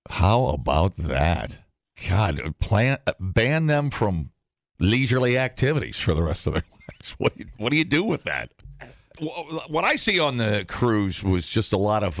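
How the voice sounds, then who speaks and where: A man with a lowish voice hosts a morning radio show, reading news items aloud and tossing in sarcastic wisecracks during casual banter. The recording is dry and clean, studio quality.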